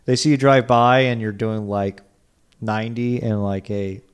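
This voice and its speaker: A man's voice: lowish voice, fairly even intonation, a little slow, smooth. Rambling guy on a car podcast. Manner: rambling, lots of "like", puts on silly accents. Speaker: podcast co-host. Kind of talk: casual chat.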